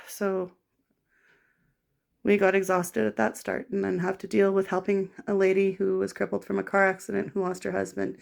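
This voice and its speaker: A middle-aged woman from Canada in an emotional personal monologue, rambling, raw and halting. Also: mid-range voice, vocal fry. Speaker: vlogger.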